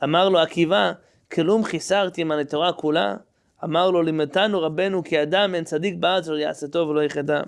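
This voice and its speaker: A man's voice: fairly high pitch, fairly even intonation, very fast, creaky, smooth. A man teaching a Torah class, reading Hebrew text aloud, translating it line by line into English and quizzing his students.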